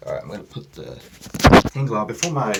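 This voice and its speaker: A man's voice: lowish voice, wildly swooping pitch, a little fast, gravelly, very noisy. A man filming on his phone and commenting casually in a hurry, muttering to himself. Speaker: toilet video maker. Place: indoor bathroom. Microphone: phone held in hand.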